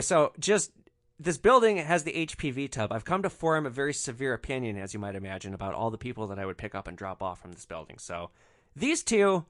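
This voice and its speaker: A man's voice: mid-range voice, a bit bright, no room sound, clean studio sound. A male podcast host telling a story in a sardonic, profane way.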